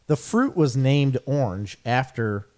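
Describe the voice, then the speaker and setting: Male co-host, mellow voice, goofy and teasing, quick to laugh. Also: medium pitch, expressive. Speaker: podcast co-host. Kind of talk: casual chat.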